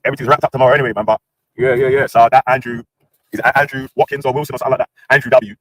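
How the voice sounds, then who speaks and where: Fast-talking British man ranting on stream. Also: medium pitch, steady tone, a bit bright. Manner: slang-heavy, ranting with street banter. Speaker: livestream host. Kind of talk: casual livestream chat.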